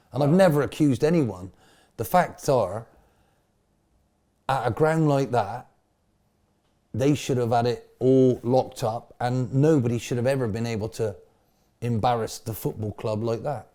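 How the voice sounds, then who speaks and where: A middle-aged man, a former football manager, telling colourful stories in an interview at a pub, full of slang. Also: medium pitch. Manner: colourful slang, bursts of loud laughing shouts. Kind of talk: animated storytelling interview.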